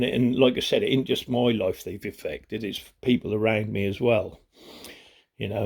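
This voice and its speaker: A man's voice: fairly low pitch, vocal fry, darkish tone, breathy edge. A man ranting angrily to camera in a rambling, profane way, often repeating "you know what I mean", his voice strained with anger. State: voice strained when angry. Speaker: vlogger. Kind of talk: angry rant to camera.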